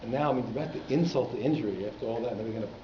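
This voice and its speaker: A rabbi teaching a class at a community synagogue, telling stories animatedly and repeating words for emphasis. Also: male voice, mid-range voice, racing. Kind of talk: storytelling lecture. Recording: echoey, dull hall recording with faint noise.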